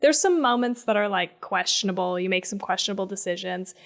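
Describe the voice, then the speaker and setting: A woman co-hosting a horror movie podcast in casual chat, animated and swearing as she acts out lines. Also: medium pitch, a little fast. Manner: animated, swears, quotes in voices. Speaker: podcast co-host.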